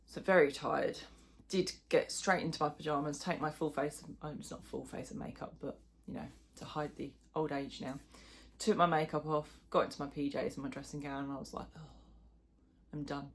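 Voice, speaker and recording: A woman's voice: sits low, steady tone, fairly quick, breathy edge. A middle-aged woman chatting casually in a crochet vlog, rambling and self-deprecating, with plenty of fillers. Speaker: crochet vlogger. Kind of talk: casual chat.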